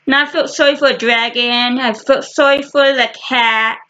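A woman casually showing her book collection to the camera, talking in short halting fragments with frequent restarts. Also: high voice, steady tone, sharp tone, highs cut off, slight background noise. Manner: slow and rambling. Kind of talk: casual chat.

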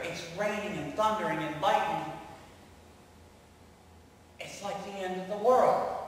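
Slow dramatic preacher in echoing church. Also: male voice, high-pitched, slight background noise. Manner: dramatic, slow, swings from loud to hushed. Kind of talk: storytelling sermon. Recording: echoey church hall, mic far off.

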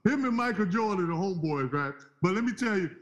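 A man tells a story in a high, excited voice. His pitch leaps even higher when he quotes himself. He sounds like an old athlete reliving a wild night out. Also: quick pace. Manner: lively, jumps up in pitch when quoting himself. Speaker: former basketball player telling a story. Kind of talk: animated storytelling on a talk show.

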